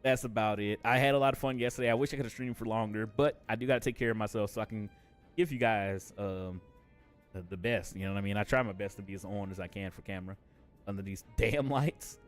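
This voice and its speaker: A man's voice: fairly low pitch, quick pace, soft background music. A man chatting casually on a game live stream, laid-back and jokey, swearing and laughing often.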